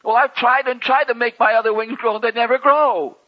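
A preacher putting on a fretful little angel. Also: male voice, very high-pitched, fairly even intonation, a little fast, dull audio, voice pushed up. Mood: whiny. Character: small sweet male angel, tearful and fretful.

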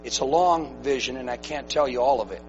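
A man's voice: medium pitch, brisk. Preacher man in a dull lo-fi recording. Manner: swings from loud exhortation to hushed storytelling. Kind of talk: sermon with a dramatic story. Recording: dull lo-fi recording with faint music and mains hum.

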